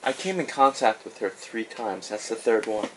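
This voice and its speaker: A man's voice: fairly low pitch, animated, normal speed, a little hiss or hum, rough recording. A man playing a tabletop game, calling out rolls and reacting with short exclamations. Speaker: player. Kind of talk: casual tabletop play.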